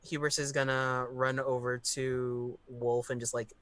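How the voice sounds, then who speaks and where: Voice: mid-range voice, little pitch movement, measured pace, fairly bright tone. A player in a tabletop game, chatting casually about what their character does. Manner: giggly, describes actions in chatty fragments.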